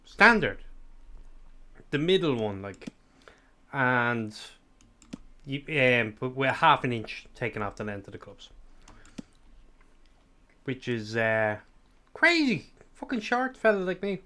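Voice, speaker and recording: A man's voice: medium pitch, big pitch swings, slow pace, long pauses, sharp tone. A man with an Irish accent chatting casually to his live chat, rambling and swearing freely, sometimes eating sweets as he talks. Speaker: streamer.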